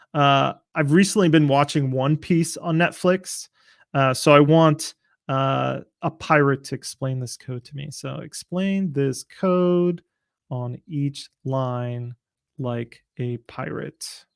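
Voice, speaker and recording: Man demoing software, loose and chatty. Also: fairly high pitch, dry recording, studio quality. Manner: relaxed, loose explaining with frequent "uh" fillers. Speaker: software product demonstrator. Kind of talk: casual screen-share software demo.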